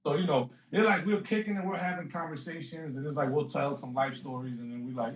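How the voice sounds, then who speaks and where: A man's voice: on the high side, quick pace. A man, a guest comedian, telling stories in casual interview chat, acting out quotes and laughing often. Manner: animated storyteller, acts out quotes, laughs often. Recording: echoey room.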